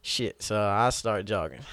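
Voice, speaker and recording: A young man telling a story in casual chat, animated, laughing and acting out the people he quotes. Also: lowish voice, takes it slowly, no echo.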